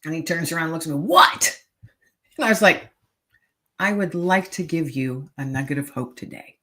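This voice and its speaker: A woman's voice: deep voice, brisk, a bit bright. Earnest middle-aged woman telling a story. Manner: earnest, emphatic, repeats key phrases. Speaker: podcast guest, author. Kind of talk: heartfelt storytelling in conversation.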